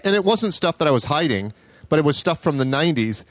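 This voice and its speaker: A man's voice: a little high, animated, fast talker, no room sound. Profane storytelling podcast man, dry mic. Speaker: podcast co-host. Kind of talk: casual comedy podcast chat.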